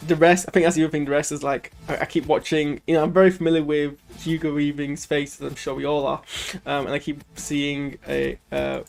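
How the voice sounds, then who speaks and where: A man's voice: a little high, level tone, brisk, vocal fry, faint music behind. A man hosting a casual post-watch reaction, rambling loosely with lots of fillers and restarts while he is ill. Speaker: channel host reviewing a show.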